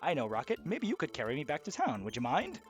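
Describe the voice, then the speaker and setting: A man's voice: on the high side, wildly swooping pitch, quick pace, faint music behind. A man voicing a polite, fussy male bat creature with genteel, old-fashioned phrasing.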